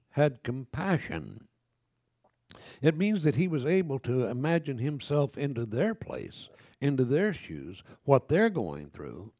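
An older man preaches a sermon, reading scripture and then talking straight to his congregation. His voice swings widely in pitch and has a mellow, darker tone. The sound is dry and close. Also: no echo. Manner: lively preaching, reads scripture aloud, frequent self-corrections; conversational asides to the congregation.

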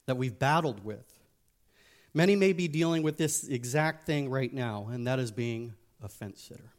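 A man giving a casual sermon as a youth pastor, joking and speaking frankly. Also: a little high.

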